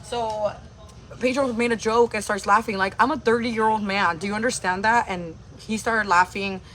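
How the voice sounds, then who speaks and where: A woman's voice: mid-range voice, steady tone, normal speed, a bit bright, a little hiss or hum. A woman hosting a livestream, telling a personal story in a casual, rambling way full of filler words.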